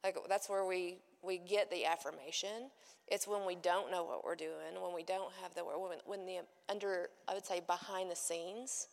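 A woman's voice: lowish voice, fairly even intonation, moderate pace, gravelly, big-room sound. A woman co-presenting a faith-based teaching talk, explaining her points thoughtfully and restarting as she goes.

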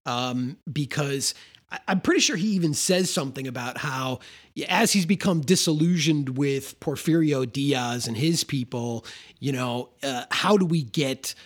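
A man's voice: mid-range voice, a little slow. A man co-hosting a podcast, talking casually and animatedly about films, often restarting and repeating words. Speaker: podcast co-host. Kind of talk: casual film discussion.

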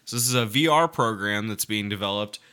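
A man co-hosting a podcast, trading jokes and quick banter in casual chat. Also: lowish voice, sharp tone, smooth. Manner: joking, quick back-and-forth banter. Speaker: podcast co-host.

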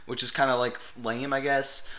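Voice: medium pitch, level tone, normal speed, bright, forceful tone. A podcast co-host in casual chat, amused and analytical.

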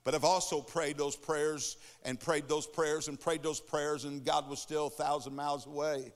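A man's voice: on the high side, level tone, moderate pace. Preacher man in a reverberant hall. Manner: emphatic, rhythmic preaching with repetitions. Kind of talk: sermon. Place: church sanctuary.

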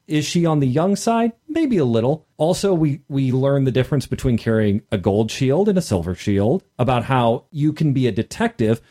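A man co-hosting a casual tabletop gaming podcast, explaining his research and trading quick teasing banter. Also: mid-range voice, lively intonation, dark tone. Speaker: podcast co-host. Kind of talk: casual roundtable chat about tabletop gaming.

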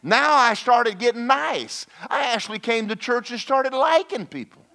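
A man preaching a lively sermon, folksy and animated, slipping into mock voices and asides to the congregation. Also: very high-pitched, normal speed, creaky. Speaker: pastor.

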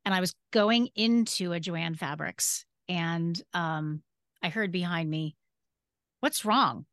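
On a podcast, a woman in her fifties who advocates for disability rights recounts her own story in a casual interview, earnest and emphatic and returning to key phrases. Her lowish voice is fairly even, a little slow, a bit bright and clean, recorded in clean studio sound without room ambience.

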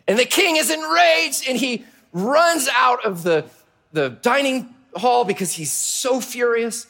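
Brief: male children's pastor, storytelling sermon, high voice with a lot of movement, playful and engaging. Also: measured pace, vocal fry. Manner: energetic and playful, asks questions of the audience. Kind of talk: animated Bible storytelling to children.

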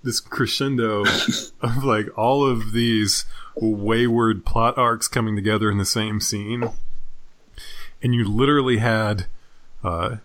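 A man's voice: lowish voice, fairly even intonation, slow, fairly bright tone. Young male co-host, chatty and giggly, keeps restarting his sentences. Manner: laughs often, rambling with restarts. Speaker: podcast co-host. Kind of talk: casual movie review chat.

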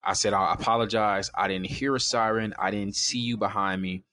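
A young man in his twenties calmly telling a personal story in casual conversation, quoting others as he goes. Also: on the low side, normal speed.

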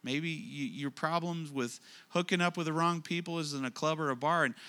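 A man preaching a sermon to a congregation, emphatic, often asking questions and slowing down to stress key lines. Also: a little high, sharp tone. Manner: emphatic, repeats phrases, asks the congregation questions. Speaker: pastor.

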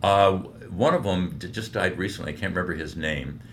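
A veteran radio broadcaster, now an older man, spins stories as a guest in a relaxed interview, full of animation and frequent restarts. He speaks briskly in a low-pitched voice.

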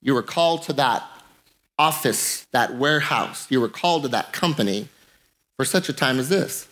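A man's voice: medium pitch, expressive, normal speed, fairly bright tone. A man preaching a sermon as a pastor, joking with the congregation and repeating phrases for emphasis.

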